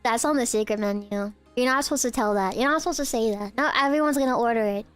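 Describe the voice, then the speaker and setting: A young woman streaming live, who teases her chat in a giggly, playful way while pretending to be a barista and sometimes breaks into squeaky outbursts. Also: fast, clean tone, faint music behind.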